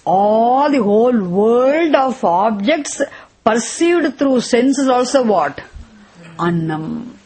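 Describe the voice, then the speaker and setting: A woman teaching scripture in a slow, repetitive lecture, asking rhetorical questions and chanting verses. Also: a little high.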